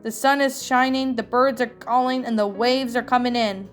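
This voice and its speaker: A bossy, motherly eldest teen sister from a cartoon storybook, put on by a woman with a higher voice. her talk is firm and protective, a little brighter than the narration. faint music sits underneath. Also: fairly even intonation, moderate pace, natural voice. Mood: stern. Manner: stern, motherly. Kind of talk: storybook reading.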